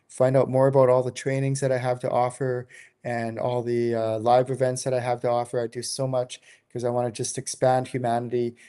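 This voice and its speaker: A man's voice: medium pitch, monotone, a little fast, warm tone, clear, resonant tone. Enthusiastic man giving a spiritual talk. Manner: informal and enthusiastic, many "like" fillers. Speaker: spiritual teacher. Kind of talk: casual direct-to-camera talk.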